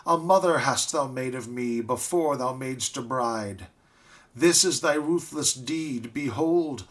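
A man's voice: medium pitch, measured pace, fairly bright tone, lightly acted. A man reading a ballad aloud, voicing a grief-stricken young woman with a raised, anguished, pleading delivery.

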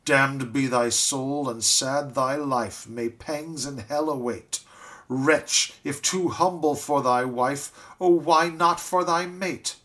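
A man's voice: medium pitch, slow, fairly bright tone, pitched above the performer's own voice. A man voicing a desperate wronged young woman. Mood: cursing. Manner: raised, anguished pleading. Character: ruined young woman, desperate and grief-stricken.

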